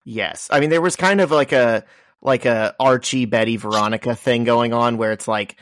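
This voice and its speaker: A man's voice: medium pitch, moderate pace, a bit bright, no echo, clean studio sound. A man co-hosting a podcast in casual chat, making wry jokes and explaining comic history. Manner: wry, joking asides and background explanations. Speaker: podcast co-host.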